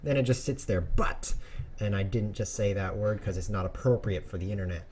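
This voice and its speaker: A man hosting a chess stream, chatting casually and joking through his moves, with sudden bursts and quiet mumbles. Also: lowish voice, a little fast, slight background noise. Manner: playful, jokey, rambling asides. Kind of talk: casual live commentary while playing.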